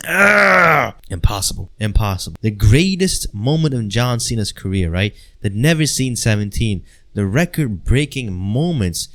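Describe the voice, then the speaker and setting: A man ranting in a heated vlog, exasperated and crude, jumping from loud outbursts to mutters. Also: mid-range voice. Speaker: wrestling commentary vlogger.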